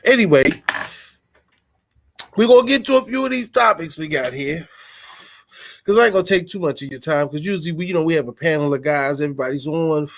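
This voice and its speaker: A man's voice: on the high side, a little fast, pauses often, slight background noise. A man from the Washington DC area hosting a podcast in loose, profane, hyped-up casual chat. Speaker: podcast host.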